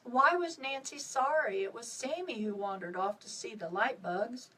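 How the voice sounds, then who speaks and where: Woman author reading her book out loud, kinda high voice, sounds a bit far from the mic, expressive. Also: normal speed, slightly rough. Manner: expressive reading with dramatic dips and rises. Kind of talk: reading aloud from her own novel. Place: at home on a live video stream.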